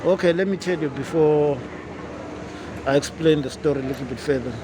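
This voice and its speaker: Man, from Africa, vlogger, casual storytelling, slightly high voice, acts out quotes, street traffic noise. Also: brisk. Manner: animated, acts out quoted exchanges in a raised voice. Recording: urban outdoor noise with passing traffic.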